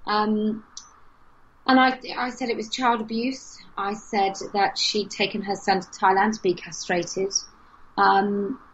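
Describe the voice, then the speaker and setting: A woman's voice: mid-range voice, a little hiss or hum. A woman, speaking frankly and telling a story as an interview guest. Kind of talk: casual conversation. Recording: dull lo-fi podcast audio.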